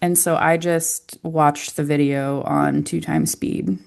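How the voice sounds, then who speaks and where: Low gravelly American woman. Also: steady tone, takes it slowly, a little mellow. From United States. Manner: wry, joking asides. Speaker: podcast co-host. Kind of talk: casual gaming chat.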